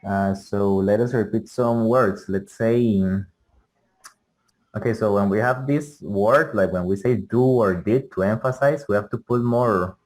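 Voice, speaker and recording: A man teaching English pronunciation in an online class, patiently modeling words slowly for students to repeat. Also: on the low side, a little mellow.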